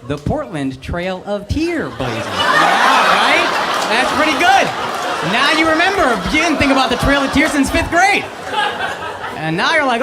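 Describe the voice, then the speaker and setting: This thirty-something comic has an extremely high, very animated voice and keeps to a normal speed. His stand-up is brash, profane and punchy, delivered into a handheld mic on a club stage amid loud laughter and crowd noise.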